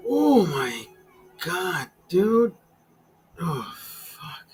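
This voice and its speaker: High-voiced, profane man rambling casually. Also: very animated, very slow, rough recording. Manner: profane, rambling, many restarts; calls the listener brother. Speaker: channel host. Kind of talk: casual storytelling over a beer.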